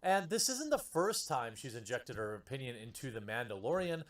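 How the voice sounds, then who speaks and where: A man's voice: medium pitch, sing-song, normal speed. A man in a played video, giving scripted news-style commentary with a sarcastic edge. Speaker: YouTube commentator.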